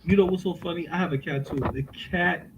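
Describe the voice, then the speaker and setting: A man's voice: fairly high pitch, brisk, muffled recording, background noise. A middle-aged man, telling stories in a casual chat at home on cheap headphones. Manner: animated storytelling, swearing freely. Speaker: podcast co-host. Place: home, indoors. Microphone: cheap headphones with mic.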